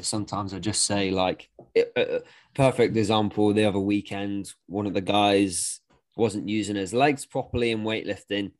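Male coach on a podcast, lowish voice, loose and frank, curses casually. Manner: rambling, frank, swears casually. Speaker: podcast co-host and weightlifting coach.

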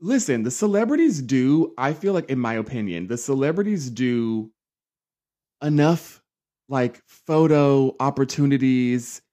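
A young man hosting a casual solo pop culture podcast, sassy and campy, dramatic, often jumping up into high mocking voices. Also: lively intonation, a little slow, warm tone. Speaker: podcast host.

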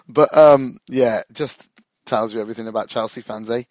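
A man's voice: medium pitch, normal speed, no echo. A man chatting casually as a podcast co-host, rambling, swearing and laughing often. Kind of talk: casual football chat.

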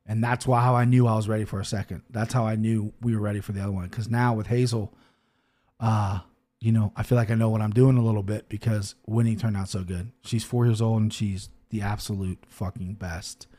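A man in his thirties hosting a podcast in a casual, rambling monologue, swearing often and full of fillers and restarts, soft and emotional at times. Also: on the low side, fairly even intonation, fairly quick. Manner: soft and emotional when talking about his daughter. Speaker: podcast host.

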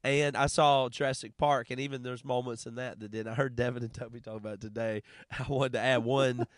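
A man's voice: mid-range voice, fairly even intonation, fairly quick, no echo, clean studio sound. A man co-hosting a podcast, joking in a mock-earnest, encouraging way. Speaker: podcast co-host. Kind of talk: casual chat.

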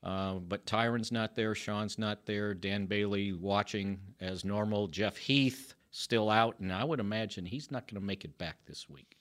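A man's voice: lowish voice, a little slow, a bit bright. A man giving injury updates on a casual sports talk show in a studio, wry and joking.

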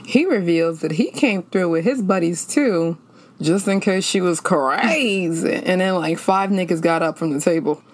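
A woman co-hosting a podcast, talking through a sitcom in casual, candid, slangy chat. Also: fairly low pitch. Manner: candid, slangy, quick reactions. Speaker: podcast co-host.

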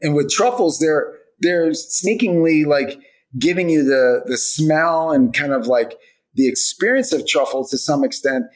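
This hot sauce founder, appearing as a guest on a laid-back podcast, has a somewhat high voice and an unhurried delivery captured on a rough recording. He talks about his product in a meandering way, sprinkling in plenty of "like" and "you know."

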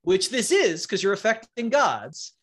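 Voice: mid-range voice, sing-song, unhurried, slightly rough. A game master narrating a tabletop game, setting scenes in a playful, vivid way.

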